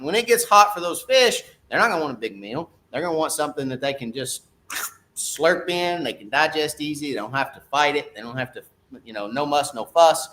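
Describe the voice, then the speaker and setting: A man's voice: fairly high pitch, fairly bright tone. A middle-aged man, a fishing guide talking casually on a live stream, folksy and repeating "okay?" to his viewers.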